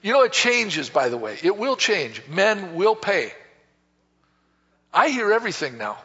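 A man preaching a sermon, folksy and animated, acting out bits of dialogue as he tells stories. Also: high-pitched, measured pace, slightly rough. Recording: dull echoey hall from a distance.

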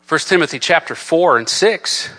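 A man preaching a sermon in a church. He reads scripture in a solemn cadence and builds from soft, low talk to loud, raised preaching. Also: lively intonation, normal speed. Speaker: pastor. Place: church sanctuary.

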